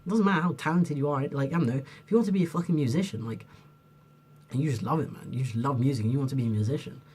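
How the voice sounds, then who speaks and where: A young man with a husky, slightly breathy voice delivers an unscripted rant to camera. He rambles and restarts, gets heated, swears freely and leans on "like" constantly. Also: fairly high pitch, darkish tone. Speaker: vlogger.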